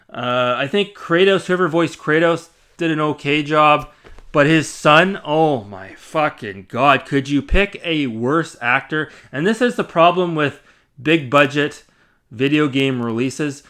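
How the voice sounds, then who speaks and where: Blunt, opinionated man with a bright voice. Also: fairly high pitch, smooth. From Canada. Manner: opinionated, blunt, swears, many fillers and restarts. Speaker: game reviewer. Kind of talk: casual spoken review.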